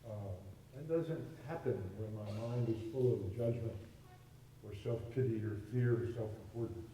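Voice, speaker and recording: Dark-voiced older man in an echoey hall. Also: fairly low pitch, moderate pace, a little hiss or hum. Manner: relaxed, amused storyteller, acting out both sides of a conversation. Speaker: spiritual teacher. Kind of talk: storytelling talk to a congregation. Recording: distant, very echoey hall recording.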